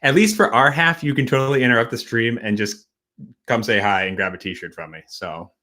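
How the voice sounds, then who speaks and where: A man from Wisconsin hosting a casual late-night livestream, a bit tipsy, rambling and halting as he talks. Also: mid-range voice, pushed and bright. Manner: rambling, halting, with many fillers and restarts. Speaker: host.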